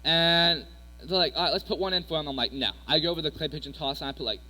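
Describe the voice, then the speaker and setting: A man's voice: a little high, fast, bright, forceful tone. A young man giving a casual, rambling youth sermon full of personal stories and fillers. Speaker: youth speaker. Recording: echoey hall with mains hum.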